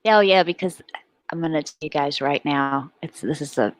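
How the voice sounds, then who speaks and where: A woman's voice: low-pitched, moderate pace, no echo. A woman hosting a casual online panel chat, rambling with restarts and laughing often. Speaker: panel host.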